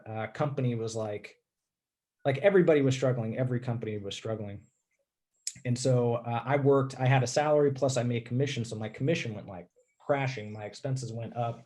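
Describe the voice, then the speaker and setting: A man telling a personal story in a casual interview, candid and rambling, often clearing his throat and saying "dude". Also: medium pitch, a little mellow.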